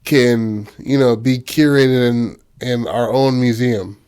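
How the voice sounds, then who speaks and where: A man's voice: mid-range voice, steady tone, slow pace, darkish tone, clear, resonant tone. A man hosting a podcast, retelling a film in loose, slangy casual chat full of fillers. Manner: loose and slangy, heavy on fillers like "you know".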